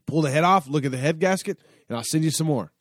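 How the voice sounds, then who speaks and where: A man's voice: fairly high pitch, lively intonation, quick pace, no room sound, studio quality. Rambling, cussing storyteller guy. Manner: rambling, profane, full of fillers and restarts. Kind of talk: casual spoken anecdote.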